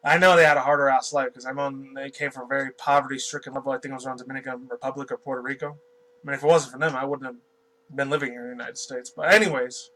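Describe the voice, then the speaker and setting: A man's voice: mid-range voice, fairly even intonation, rapid-fire, pushed and bright, rough recording. A man from New York giving a casual, rambling commentary as he reads a news article aloud, swearing often and stumbling over words. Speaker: YouTube commentator.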